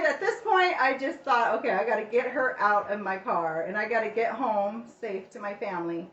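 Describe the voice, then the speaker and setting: A woman's voice: medium pitch, normal speed, hardly any pauses. Chatty middle-aged woman, roomy far-off sound. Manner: chatty, animated retelling with quoted dialogue. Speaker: cooking channel host. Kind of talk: casual storytelling. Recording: roomy, distant, dull home recording.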